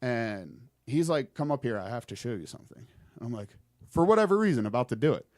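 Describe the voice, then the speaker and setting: A man's voice: mid-range voice, quick pace, no room sound, studio quality. A young man telling a creepy personal story on a podcast, rambling and swearing as he goes. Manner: rambling, swearing, animated retelling. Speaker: podcast guest. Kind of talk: casual storytelling.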